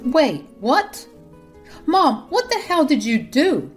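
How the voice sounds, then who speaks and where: A woman's voice: high-pitched, very animated, slow pace, faint music behind, voice pushed up, heavily acted. A woman voicing an adult son who scolds his mother in an exasperated tone. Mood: angry.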